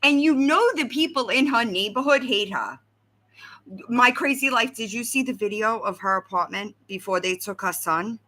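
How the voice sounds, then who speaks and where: A woman hosting a casual livestream, talking straight to her viewers in an animated, conversational way and often checking in with "right?". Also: fairly high pitch, normal speed. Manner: animated, talks to chat, frequent "right?". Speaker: livestream host.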